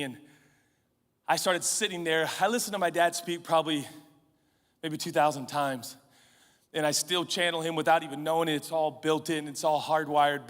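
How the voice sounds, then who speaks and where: High-voiced, animated man preaching. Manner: energetic, playful, bursts into shouting. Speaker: pastor. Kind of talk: sermon. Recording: long reverb of a large hall.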